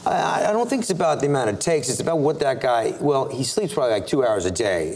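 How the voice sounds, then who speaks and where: Man, 40s, animated raconteur, filler-heavy, faint background noise. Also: medium pitch, brisk, few pauses. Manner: animated, acts out dialogue with many "I'm like" quotes; filler-heavy, restarts often. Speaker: actor, interview guest. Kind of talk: casual storytelling in an interview. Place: TV studio, seated at a table.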